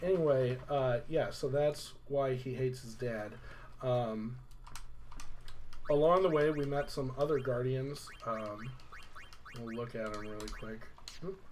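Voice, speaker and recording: A man's voice: medium pitch, unhurried, a little mellow, a little hiss or hum. A young man casually recapping a video game story, rambling with lots of "like" and fillers. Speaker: let's play host.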